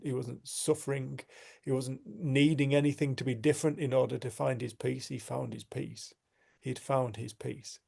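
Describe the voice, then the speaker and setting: A man's voice: medium pitch, gravelly, darkish tone, slightly rough. A man hosting a community group, telling a heartfelt personal story in an earnest, reflective way with frequent restarts. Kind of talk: storytelling in casual conversation.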